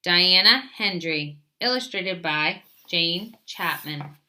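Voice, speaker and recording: A woman librarian reading a children's story aloud in an expressive storytelling manner. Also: on the low side, slow pace.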